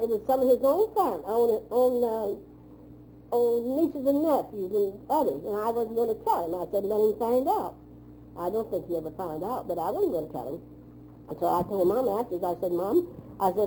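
A woman's voice: fairly high pitch, expressive, a little fast, dark tone, a little hiss or hum, rough recording. An older woman recounting childhood memories in a plain-spoken, rambling way, often repeating "I said.". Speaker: oral history narrator.

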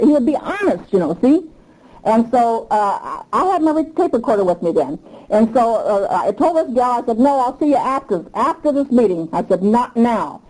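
Older woman interviewee, mellow, a touch high; emphatic, repetitive storyteller who gets revved up. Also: breathy edge, rough recording. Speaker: union member interviewee. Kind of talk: oral history interview.

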